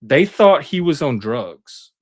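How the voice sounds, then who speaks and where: Man telling stories in animated asides. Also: on the high side, takes it slowly. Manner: animated, acts out quoted voices. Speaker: panelist. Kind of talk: casual storytelling.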